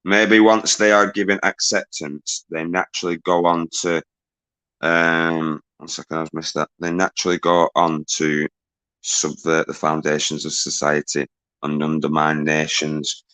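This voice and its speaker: A man hosts a casual livestream, reading viewer comments aloud and greeting people as they arrive. His voice sits deep and low but comes across bright and forceful. He talks loosely and swears now and then. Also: level tone, measured pace, rough recording.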